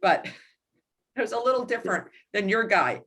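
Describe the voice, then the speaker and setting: A woman in her sixties, hosting a book club and telling a personal story in a casual, animated way. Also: medium pitch, moderate pace. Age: 60s. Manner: animated anecdote telling with laughs. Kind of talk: casual storytelling in a group discussion.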